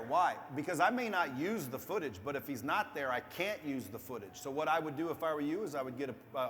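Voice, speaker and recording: A man's voice: fairly high pitch, fairly bright tone. Blunt, profane man in an echoey room. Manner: blunt, profane, speaks straight to viewers. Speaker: guest entrepreneur. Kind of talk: casual interview advice. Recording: echoey room with faint background noise.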